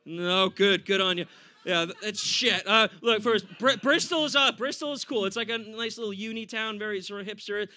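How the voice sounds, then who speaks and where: A man with an American accent doing a standup comedy set for a live audience, animated and laughing often. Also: high voice, a little fast, few pauses. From United States.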